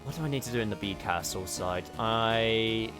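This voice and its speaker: Speaking at a normal speed in a lowish register, a man streams his gameplay and chats with viewers. He's casual and swears here and there, while faint game music plays behind him.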